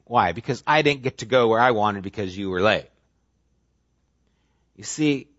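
A man's voice: fairly low pitch, a bit bright, no room sound. A man preaching a sermon in a conversational way, often acting out the voices he quotes. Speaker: pastor. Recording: dry, dull lo-fi sound.

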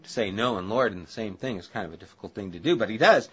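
A man's voice: on the low side, animated, fast talker, a bit bright, breathy edge, highs cut off. A male pastor giving a conversational Bible-study sermon, casual and chatty, with asides to the listeners.

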